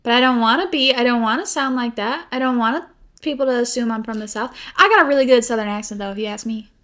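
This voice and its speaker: This young podcast co-host has a slightly high, fairly bright voice and talks fast. She chats casually, rambling and giggling, leaning heavily on "like."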